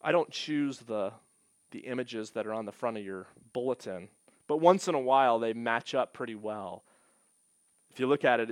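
A male pastor preaching in an earnest, steady way. His voice sits at an ordinary pitch and climbs when he reads scripture aloud. The sound is dry, with little room echo. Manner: slows down to stress key points. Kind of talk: sermon.

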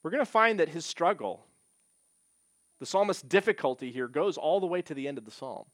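A male pastor preaching in an earnest, steady way. His voice sits at an ordinary pitch and climbs when he reads scripture aloud. The sound is dry, with little room echo. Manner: slows down to stress key points. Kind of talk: sermon.

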